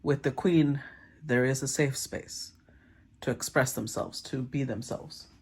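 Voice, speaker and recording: A woman giving a casual tarot reading, thinking aloud, often clearing her throat and murmuring as she names the cards. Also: very deep voice, a little slow, darkish tone. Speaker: tarot reader.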